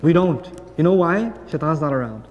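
A man giving a sermon to a live audience, lively, acting out little dialogues as he goes. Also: a little high, a little fast, lo-fi sound. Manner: animated, acts out dialogues for the audience. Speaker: preacher. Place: large hall with long reverb. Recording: echoing hall reverb.

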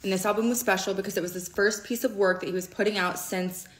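A woman's voice: medium pitch, fairly even intonation, fast. A woman recounting a personal story in a conversational way, often checking in with "okay?".

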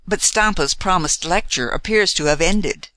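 A man voicing a frank, cheerful young woman climber in a storybook reading, lifting his voice to speak brightly and gaily. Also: high-pitched, moderate pace, no room sound, voice pushed up. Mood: lively, frank. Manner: bright and lively.

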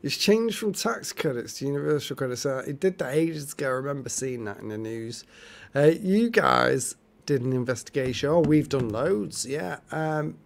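A man chats on a livestream, reading out viewer comments and teasing them. His voice has a gravelly edge, and his pitch swings widely as he talks. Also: expressive, normal speed. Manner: chatty, jokey, reads out viewer comments. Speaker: livestream co-host. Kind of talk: casual live chat with viewers.

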